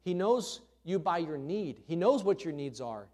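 Conversational preacher with a slightly raised voice. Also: male voice, a little high, very animated, unhurried, darkish tone. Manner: conversational preaching with repeated key phrases. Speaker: pastor. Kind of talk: sermon. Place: church.

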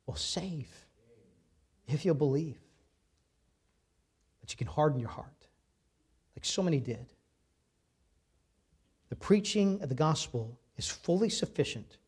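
A man preaching a sermon, reading scripture aloud with emphatic, dramatic swings between loud and soft. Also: on the high side, breathy edge. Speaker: pastor.

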